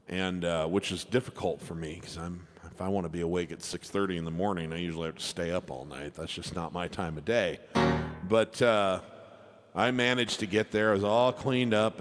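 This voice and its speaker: A man, a piano entertainer, telling a chatty, rambling story between songs at a live show. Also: low voice. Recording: long reverb with piano music.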